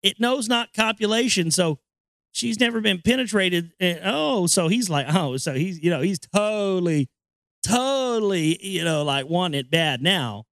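A man reads an old text aloud and keeps breaking into crude, excitable commentary. His voice is high and swings widely in pitch. It is recorded close and dry, with no room around it. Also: unhurried, gravelly, dry recording. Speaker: podcast host. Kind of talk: reading aloud and ranting commentary.

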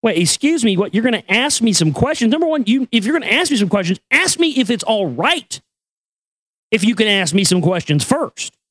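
A middle-aged man with a noticeably high-pitched voice rants through a personal story, exasperated and swearing freely. He stumbles and restarts as he talks. The recording is dry and close, with no room sound. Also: sing-song, brisk, a bit bright, no room sound. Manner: profane, exasperated, repetitive restarts.

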